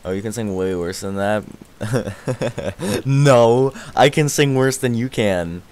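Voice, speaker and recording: A young man chatting casually on a live game stream, excitable and laughing often, his voice worn out. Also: medium pitch, slow. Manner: excitable, laughs often, yelps and shouts when startled.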